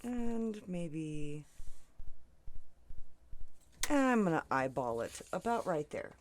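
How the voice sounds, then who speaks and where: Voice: mid-range voice, big pitch swings, takes it slowly, a little hiss or hum. A crafting channel host chatting through a tutorial, rambling off on stories, often asking "right?" and laughing between sentences. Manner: rambling, tangents, frequent "right?" and "you know".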